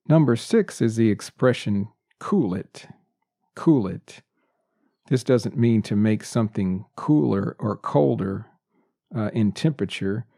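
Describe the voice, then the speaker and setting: Slow, gravelly-voiced male English teacher. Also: fairly low pitch, warm tone, dry recording, clean studio sound. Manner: repeats each phrase and example sentence slowly. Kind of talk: slow, deliberate English lesson.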